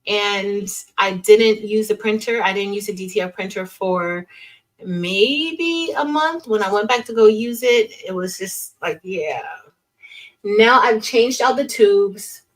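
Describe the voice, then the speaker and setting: A woman's voice: medium pitch, a little slow, low-quality recording. A young woman hosting a casual craft livestream, chatting loosely, trailing off and restarting sentences as she greets viewers by name.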